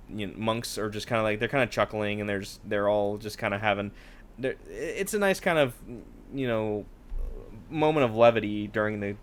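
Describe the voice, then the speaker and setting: Irreverent man mocking characters on a podcast. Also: lowish voice. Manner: irreverent, mocking, puts on silly voices for characters. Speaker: podcast co-host. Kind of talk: casual book discussion.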